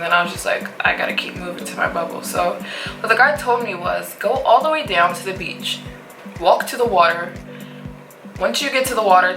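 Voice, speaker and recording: A young woman vlogger telling a story in a lively way, full of fillers. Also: on the low side. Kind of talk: storytime narration. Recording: roomy echo with faint music.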